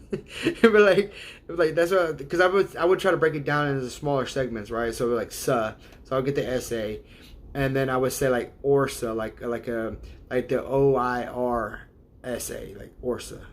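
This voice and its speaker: A man's voice: medium pitch, fairly even intonation, moderate pace. A man hosting a casual livestream, rambling and hesitant, laughing often as he sounds out viewers' names. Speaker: livestream host.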